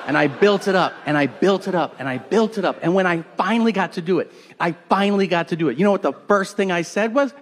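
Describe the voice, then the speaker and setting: Crude stand-up comic, high voice. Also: male voice, moderate pace, fairly bright tone. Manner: crude, exaggerated storytelling with acted-out quotes. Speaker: stand-up comedian. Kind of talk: stand-up comedy set. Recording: live audience noise. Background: crowd laughter and ambience.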